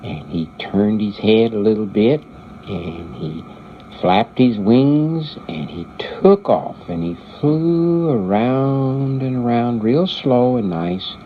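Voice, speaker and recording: Slow, unhurried older man telling a story. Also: medium pitch, animated. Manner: unhurried, halting, repeats words. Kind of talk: oral storytelling. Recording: muffled recording with faint hiss.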